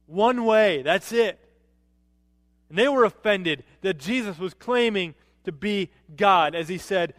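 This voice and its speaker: A man preaching a sermon as a pastor, animated, rising to emphatic peaks and dropping low to quote. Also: a little slow, no echo, clean studio sound, long reverb tail.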